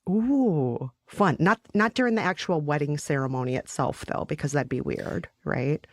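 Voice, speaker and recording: A woman's voice: sits low, moderate pace, no echo, studio quality. A woman co-hosting a podcast, chatting eagerly and laughing often. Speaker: podcast co-host. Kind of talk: casual chat.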